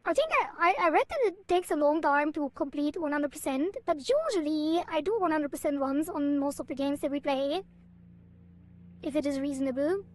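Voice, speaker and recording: A woman's voice: high voice, expressive, moderate pace, no room sound. A woman streaming a game, chatting casually with her viewers in a rambling, giggly way with playful sound effects. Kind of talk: casual live-stream chat.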